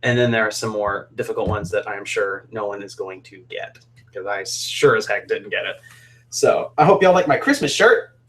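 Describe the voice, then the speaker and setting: A man's voice: on the low side, normal speed, fairly bright tone. A young man from Alabama, hosting a casual, upbeat and jokey live stream chat as a singer. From Alabama, USA.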